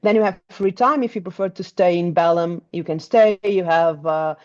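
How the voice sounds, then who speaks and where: A woman's voice: lowish voice, moderate pace, darkish tone, highs cut off. A woman with a Portuguese accent, a tour guide chatting in an interview, hesitant with many restarts. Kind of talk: casual interview chat.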